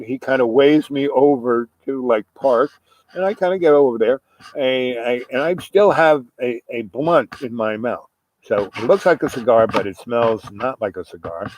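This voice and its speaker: A man with a mid-pitched voice spins a casual anecdote. He rambles, backtracks and restarts his sentences, with a soft chuckle here and there, over faint background noise. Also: rough recording. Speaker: storyteller.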